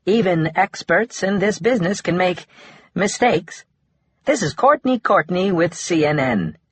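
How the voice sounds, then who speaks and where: A man's voice: high voice, lively intonation, unhurried, fairly bright tone, slightly rough, pitched above the performer's own voice, exaggerated voice. A man putting on a gritted-teeth TV newswoman. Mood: forced cheer. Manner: forced cheerful sign-off. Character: sugary, irritated female TV news reporter.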